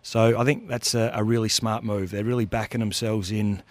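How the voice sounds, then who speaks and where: A man's voice: lowish voice, fairly even intonation, normal speed, dry recording. A man, a former footballer co-hosting radio, laid-back and self-deprecating as he chats about the game. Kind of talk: casual radio banter and sports analysis. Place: radio studio.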